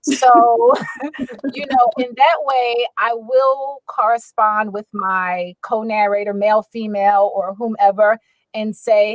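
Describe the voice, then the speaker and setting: A woman audiobook narrator in a casual panel chat, animated and quick to act out her own reactions. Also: fairly high pitch, low-quality recording. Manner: animated, quotes her own thoughts aloud.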